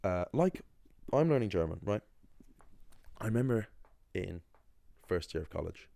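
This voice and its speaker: A man's voice: low voice, sing-song, measured pace, gravelly, dark tone, no room sound. A young man, talking casually to camera in a rambling way, with lots of fillers and restarts. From Ireland. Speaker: language channel host. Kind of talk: casual talking-head monologue.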